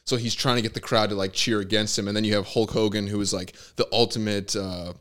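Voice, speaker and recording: A man's voice: on the low side, fairly even intonation, quick pace, fairly bright tone. A young man hosting a podcast, chatting casually and rambling, with lots of fillers and swearing. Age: young adult. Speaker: podcast host. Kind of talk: casual chat.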